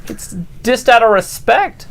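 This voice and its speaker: A woman's voice: on the high side, sing-song, measured pace, creaky. A woman co-hosting a live wrestling reaction stream, bantering, joking and explaining references for viewers. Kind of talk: casual live reaction chat.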